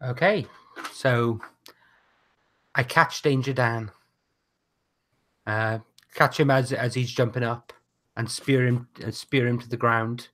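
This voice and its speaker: Bright-voiced man, halting player. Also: medium pitch, fairly even intonation. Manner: halting, many fillers. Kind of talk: describing wrestling moves in a tabletop game. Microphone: video call.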